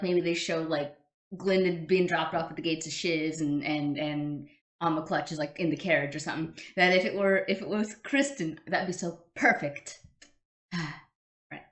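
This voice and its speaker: A woman's voice: lowish voice, fairly bright tone. A woman hosting a casual fan reaction show, chatty and gushing as she comments on clips. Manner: chatty, gushing, fond of throwbacks. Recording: echoey room.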